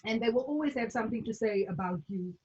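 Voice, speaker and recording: A South African woman talks in a rambling, easygoing way, her sentences full of "like." Her voice sits fairly high. The audio comes through a dull, lo-fi video call line. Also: animated, quick pace, dark tone, a little hiss or hum. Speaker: guest. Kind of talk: casual chat.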